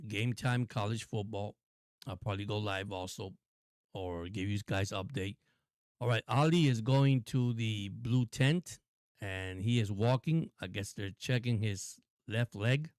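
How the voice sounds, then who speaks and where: A man hosting a live stream and calling football play-by-play in an excitable, repetitive way, often addressing viewers. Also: on the low side, measured pace, no echo. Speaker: host and play-by-play caller.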